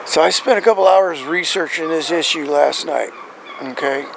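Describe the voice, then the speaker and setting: Man, gravelly, rambling, keeps asking "right?", casual how-to, outdoors, faint background noise. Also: a little high, moderate pace. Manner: rambling, checks in with "right?" and "okay?". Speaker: truck owner showing his engine.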